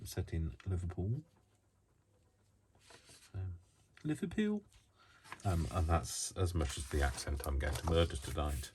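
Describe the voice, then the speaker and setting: A man's voice: a bass voice, unhurried, long pauses. A man hosting a crafting tutorial, chatting in a rambling way full of self-mocking asides. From United Kingdom. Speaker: crafting channel host. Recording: loud noise from a faulty microphone.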